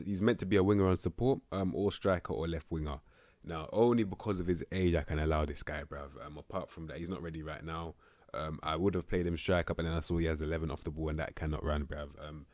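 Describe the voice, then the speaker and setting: A young man talks through a football management game in a very low, deep voice, slangy and easygoing, now and then getting fired up. The sound is dry and close, with no room around it. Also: no echo. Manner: slangy, laid-back, with bursts of excitement. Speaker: gaming YouTuber rating players. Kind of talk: casual game commentary.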